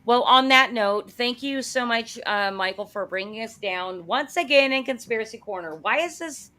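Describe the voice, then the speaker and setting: A woman's voice: on the high side, lively intonation, moderate pace, pushed and bright. A woman with an American accent hosting a live-stream interview, upbeat, chatty and joking. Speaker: host.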